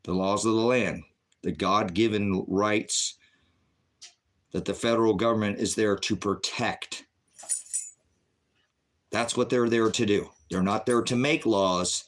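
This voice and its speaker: A man preaching on his own channel, fervent and confrontational, firing off rhetorical questions and swinging between low mutters and loud outbursts. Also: measured pace, long pauses. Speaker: online preacher and channel host. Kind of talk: impassioned livestream preaching.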